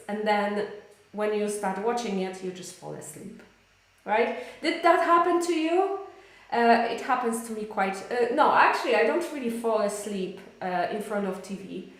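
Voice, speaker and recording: A Polish-accented woman runs a live online English lesson, chatting to viewers and reading out their comments. She speaks slowly and sits a little high in pitch. The room around her is very echoey. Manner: chatty, addresses viewers warmly, reads out comments. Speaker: English teacher.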